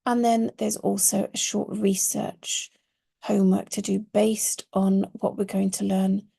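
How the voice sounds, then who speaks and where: Gravelly, husky woman teaching Arabic. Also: medium pitch, level tone, measured pace, dark tone. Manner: patient, explanatory, stresses key words. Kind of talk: online course lesson.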